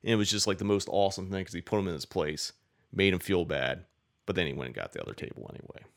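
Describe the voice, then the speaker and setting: A man with a deep, gravelly voice spins a long casual story. His talk rambles and is full of "like" and swearing, easygoing and unscripted. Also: fast talker. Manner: rambling, profane, many "like" fillers.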